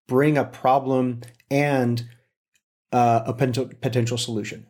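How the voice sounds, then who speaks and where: Animated storytelling man. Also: medium pitch, a little slow. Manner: animated storyteller, acts out quotes. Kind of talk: casual conversation.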